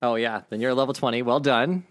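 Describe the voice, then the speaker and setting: A man's voice: mid-range voice, fairly even intonation, fast talker. A man acting as game master, explaining rules casually and swearing now and then. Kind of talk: running a tabletop game.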